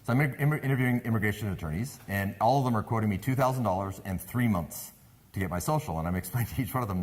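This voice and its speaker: A man's voice: lowish voice, rapid-fire. A man with a Canadian accent, speaking to a live audience as a sales speaker, telling a story and asking the crowd questions. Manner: animated, engages the audience with questions.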